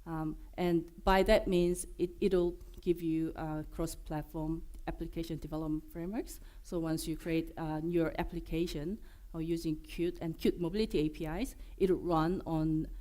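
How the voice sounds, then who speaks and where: A woman with a Korean accent presenting at a developer conference, her voice hoarse from being unwell, joking and filling pauses with many fillers and restarts. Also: low voice, steady tone, mellow. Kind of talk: conference talk. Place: conference room.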